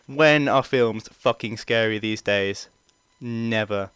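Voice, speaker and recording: A man's voice: fairly low pitch, slow pace, a bit bright, smooth, no echo. A young man telling a rambling, casual story full of fillers and swearing. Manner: rambling, chatty, swears freely, many fillers. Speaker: vlogger.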